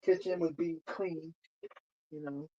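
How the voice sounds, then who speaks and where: A man's voice: on the high side, fairly even intonation, slow, dark tone, muffled recording. A man casually telling a long story on a stream, rambling and repeating himself with lots of "you know.".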